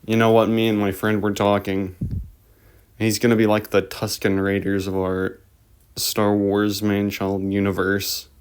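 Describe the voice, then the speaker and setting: Deep, flat-voiced man giving commentary. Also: moderate pace, slight background noise. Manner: rambling, offhand remarks. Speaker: reaction video host. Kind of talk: casual commentary voice-over.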